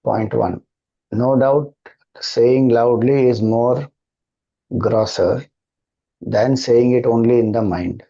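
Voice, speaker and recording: Slow, measured Indian man teaching. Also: medium pitch, vocal fry, dark tone, lo-fi sound. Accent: Indian English. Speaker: spiritual teacher. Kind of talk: devotional talk and Q&A.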